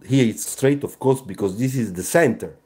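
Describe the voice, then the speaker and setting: A man's voice: medium pitch, darkish tone, slightly rough. A man, a car designer, giving a live sketching lesson and checking in with his viewers again and again. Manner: slow, repetitive, checks in with "you see?". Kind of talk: live drawing tutorial.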